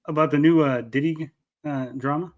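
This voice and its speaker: A man's voice: fairly high pitch, fairly even intonation, normal speed, narrow, tinny audio. Man, casual podcast co-host, blunt jokey delivery. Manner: laid-back, joking, blunt. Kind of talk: casual chat.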